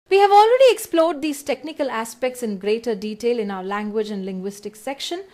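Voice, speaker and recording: Brief: woman lecturer, fairly high voice, measured and clear for exam revision. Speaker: literature lecturer. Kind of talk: scripted exam-prep lecture.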